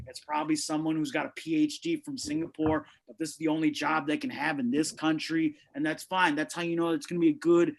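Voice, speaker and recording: Doing a stand-up set for an online open mic, a comic speaks over a video call from indoors at home, on carpet. His fairly high-pitched voice delivers punchy, brash material heavy with profanity, though the audio is poor.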